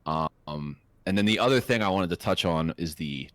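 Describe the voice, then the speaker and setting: A man co-hosting a podcast, telling a profane, animated anecdote in a casual chat. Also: deep voice, moderate pace, dry recording. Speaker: podcast co-host.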